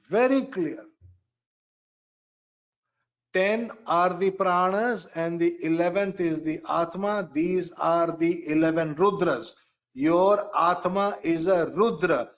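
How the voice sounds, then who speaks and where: A man's voice: high-pitched, fairly bright tone, lo-fi sound. A man giving a spiritual astrology lecture, speaking emphatically and repeating key phrases. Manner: slow, emphatic, repeats phrases and chants mantras. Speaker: Vedic astrology teacher.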